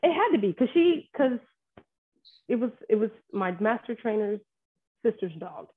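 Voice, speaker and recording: Casting: woman dog trainer, husky voice, animated and sarcastic, phone-quality line. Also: on the high side, normal speed. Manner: animated storytelling, sarcastic asides. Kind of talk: casual podcast chat.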